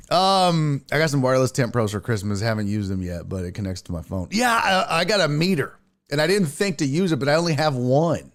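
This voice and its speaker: Brief: male sports stream host, casual and profane, very animated pitch, chats with viewers. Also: brisk. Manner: rambling, profane, reads chat aloud. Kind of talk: casual live-stream chat.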